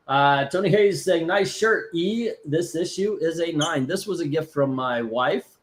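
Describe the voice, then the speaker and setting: A man's voice: a little high, lively intonation, a little slow. Rambling man hosting a live stream. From Florida. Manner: rambling, many fillers and restarts. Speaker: host. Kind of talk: casual live-stream chat.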